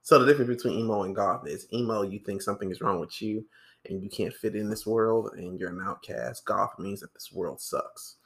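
A man co-hosting a podcast in casual chat, animated and joking as he rambles through stories. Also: on the low side, fairly quick. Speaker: podcast co-host. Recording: echoey room.

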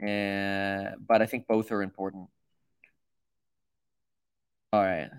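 A man's voice: low-pitched, little pitch movement, takes it slowly, clean tone. A man hosting a livestream, rambling and self-mocking with lots of fillers. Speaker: host. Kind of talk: livestream commentary.

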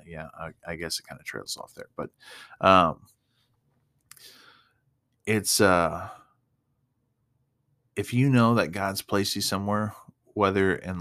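A man's voice: low voice, fairly bright tone. A young man giving a casual, earnest devotional talk to viewers, emotional at times and full of fillers. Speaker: Christian speaker.

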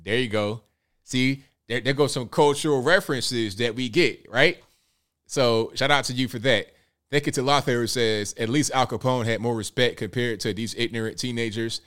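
A man's voice: mid-range voice, normal speed. A man hosting a live call-in show, reading out viewer comments and taking calls in an upbeat way. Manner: upbeat, reads out viewer comments and shout-outs. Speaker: show host.

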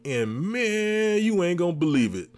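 A man hosting a podcast, telling a comic story with lively re-enactments of his own reactions. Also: high-pitched, moderate pace. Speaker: podcast host. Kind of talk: comedic storytelling.

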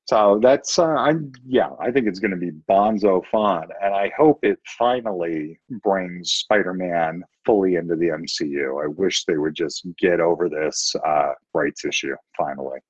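A man's voice: low-pitched, moderate pace, few pauses, breathy edge, no echo, lo-fi sound. A man co-hosting a casual podcast chat, blunt and opinionated, swearing now and then. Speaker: podcast co-host.

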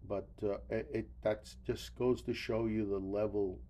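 A man's voice: fairly low pitch, fairly even intonation, unhurried, mellow. An older man hosting a solo podcast, rambling wearily with profanity and stammered restarts, tired and yawning. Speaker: podcast host.

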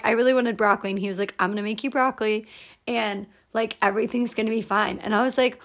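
A woman's voice: fairly high pitch, quick pace. A young woman hosting a casual podcast, telling stories with wry, sarcastic asides. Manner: wry, sarcastic, animated storytelling. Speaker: podcast host. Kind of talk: casual conversation.

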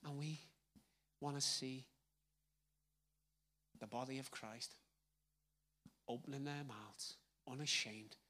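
A man with a Liverpool accent preaching a live sermon on a handheld microphone, conversational and swinging between loud emphasis and hushed asides. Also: mid-range voice, takes it slowly, pauses often. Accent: Liverpool (Scouse). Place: church hall with congregation.

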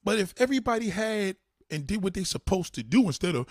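A man with a somewhat high, husky voice rants in a heated, profane monologue. His pitch swings widely as he hammers the same points again and again. The sound is dry and close. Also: big pitch swings, fast talker, no echo. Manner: blunt, repetitive, swearing a lot.

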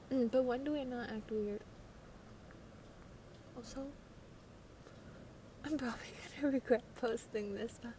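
A woman's voice: on the high side, darkish tone, a little hiss or hum. A young woman hosting a podcast, rambling casually with slang and swearing, sounding congested from a cold. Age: teens. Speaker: podcast host. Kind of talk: casual late-night monologue. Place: by a window at night.

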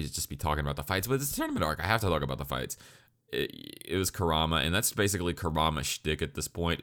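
Young man, very deep voice, profane, sarcastic, casual ranting review. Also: a bit bright, clean tone. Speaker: anime reviewer.

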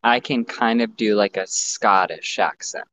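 A man's voice: lowish voice, unhurried, a bit bright. A man hosting a casual podcast, talking in a blunt, crude, joking way. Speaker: podcast host. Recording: dull lo-fi sound.

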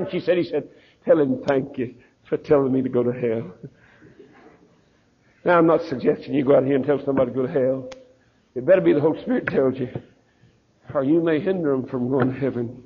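A pastor with a Southern US accent, telling a story in a sermon and acting out the voices of the people in it, heard on a dull lo-fi recording. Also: male voice, a little high, expressive, fairly quick, pauses often, breathy edge. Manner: folksy preacher, acts out quoted voices.

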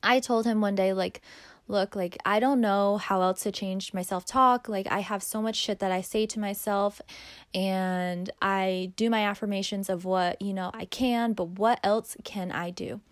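A woman's voice: mid-range voice, steady tone, unhurried, no echo, clean studio sound. A young woman hosting a podcast, talking candidly and casually about her own life, swearing freely. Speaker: podcast host. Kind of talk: casual personal monologue.

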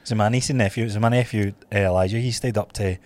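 Low-voiced relaxed Scottish man. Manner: relaxed, chatty, asks quick follow-up questions. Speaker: podcast co-host. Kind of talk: casual chat.

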